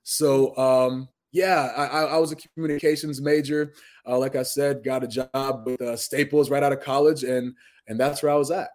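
A man's voice: medium pitch, steady tone, moderate pace, a little mellow. A man in his thirties from Massachusetts telling stories as an interview guest, earnest and full of restarts. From Massachusetts, USA. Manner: earnest, storytelling, many restarts. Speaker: guest, pro wrestler. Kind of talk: casual interview talk.

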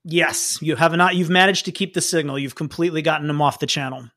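Lively tabletop game master, dry sound. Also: medium pitch, fast, dry recording. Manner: lively, explanatory, laughs often.

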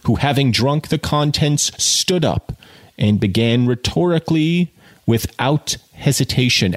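A man reading a novel aloud and breaking off into passionate, profane commentary to his listener. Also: mid-range voice. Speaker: reader and commentator. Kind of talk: audiobook reading mixed with casual commentary.

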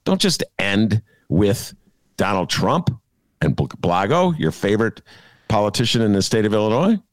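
A man's voice: lowish voice, sing-song, normal speed, no room sound, studio quality. A man hosting a political talk show, ranting sarcastically and laughing at his own jokes. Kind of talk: opinionated political chat.

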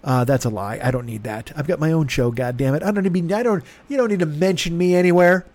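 Man, podcast host, slightly high voice, rambling comic monologue, profane, self-mocking, dry close sound. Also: quick pace, a little mellow, dry recording.

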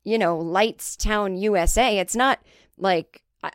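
A woman's voice: mid-range voice, slow, clear, resonant tone, dry recording, clean studio sound. A woman comedian hosting her own podcast, talking in a candid, rambling and sometimes profane casual monologue. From United States.

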